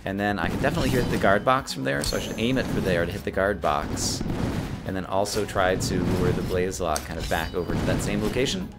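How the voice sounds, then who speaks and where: His voice sits low as he narrates a let's-play in a laid-back way. The gaming video host speaks rapidly, trips over words, and gets excitable, with the game's music running behind him.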